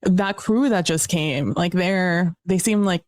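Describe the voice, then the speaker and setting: A woman playing a coy female diplomat in a tabletop game, with a flirtatious, airy delivery. Her voice is smooth and clear, with a dry, close sound. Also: on the low side, slow pace, a little mellow, dry recording.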